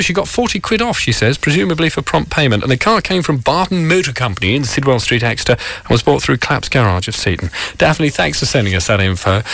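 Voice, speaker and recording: Male morning radio host from England, posh broadcast delivery, bouncy pitch, chatty and jokey. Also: vocal fry, fairly bright tone, no room sound. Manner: chatty, jokey, reading out listener letters; says he puts on a posh radio voice. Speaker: radio presenter.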